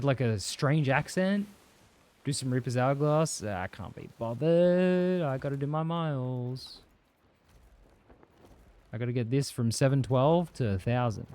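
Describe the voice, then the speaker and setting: Brief: young Australian guy, livestream gamer, mid-pitched voice, loose rambling chat full of swearing. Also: darkish tone. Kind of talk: casual chat while gaming.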